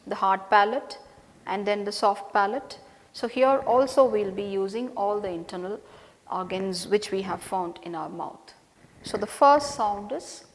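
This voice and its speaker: A woman lecturer of English giving a slow, deliberate pronunciation lesson, repeating each sound and word list and checking in with "right?". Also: mid-range voice, big-room sound.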